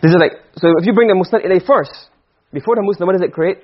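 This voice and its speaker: A man lecturing on Arabic rhetoric in a quick classroom style, often checking if students follow. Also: high voice. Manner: quick, questioning students, drops Arabic grammar terms. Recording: dull lo-fi recording.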